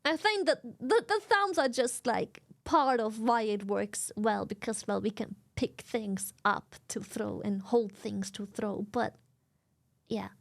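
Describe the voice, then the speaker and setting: A woman streamer in casual live-stream chat, animated and giggly, swearing freely. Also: fairly high pitch, takes it slowly, vocal fry.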